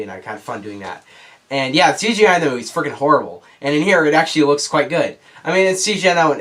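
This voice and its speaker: A young man with a somewhat high voice gives a casual review. He rambles bluntly and sounds frustrated, with restarts along the way. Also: fairly bright tone. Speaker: movie reviewer.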